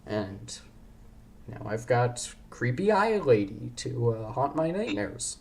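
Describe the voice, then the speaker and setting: This young podcast host speaks slowly in a mid-range, darkish voice with vocal fry and big pitch swings. His casual chat is rambling and jokey, and he keeps interrupting himself mid-sentence.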